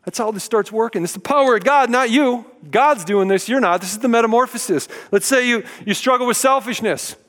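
A man delivers a sermon in a relaxed, folksy, conversational way, joking now and then. His voice sits high for a man. The recording carries a long hall reverb, as in a church sanctuary. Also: fairly quick, hardly any pauses. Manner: conversational, folksy preaching with humor. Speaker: pastor.

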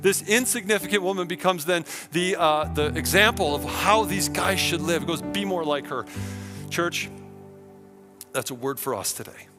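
A male pastor preaching a sermon in an animated storytelling manner, swinging between hushed tones and excited exclamations. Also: high voice, moderate pace. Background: music.

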